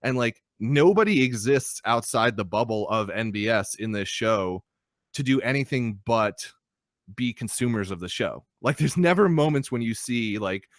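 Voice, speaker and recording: Animated, swearing young man ranting. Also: mid-range voice, normal speed, no echo, clean studio sound. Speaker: podcast co-host. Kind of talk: casual podcast chat. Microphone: podcast microphone.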